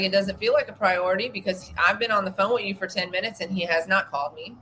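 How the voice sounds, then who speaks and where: A woman's voice: mid-range voice, bright, forceful tone, poor audio. Brief: forties woman, swearing podcast co-host on a rant, slight background hiss. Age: 40s. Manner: profane, indignant ranting. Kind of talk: casual storytelling chat.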